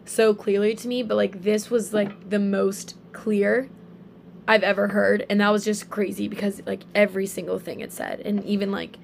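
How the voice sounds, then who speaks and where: Young woman, casual storyteller, lots of fillers, gravelly fry, faint background hiss. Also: mid-range voice, moderate pace. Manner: animated storytelling with many fillers. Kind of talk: casual faith chat.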